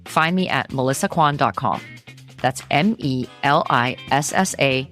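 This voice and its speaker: A woman hosting a podcast, thanking her guest and then reading a friendly, measured outro. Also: a bass voice, a bit bright, faint music behind. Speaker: podcast host.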